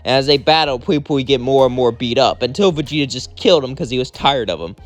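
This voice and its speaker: A man's voice: mid-range voice, lively intonation, fast talker, faint music behind. A young man casually narrating his own fan-fiction adventure, rambling and acting out every character himself. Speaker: storyteller.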